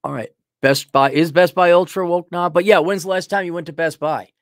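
A man's voice: on the high side, steady tone, a little fast, no room sound, clean studio sound. A middle-aged man hosting a livestream, giving rambling, sarcastic opinions in a casual way. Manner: rambling and sarcastic, mocks with put-on voices. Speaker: livestream host.

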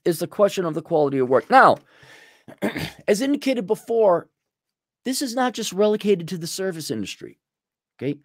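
A man hosting a sarcastic, self-mocking ranting monologue, loud one moment and muttering the next. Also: fairly high pitch, dry recording, studio quality. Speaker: commentary show host.

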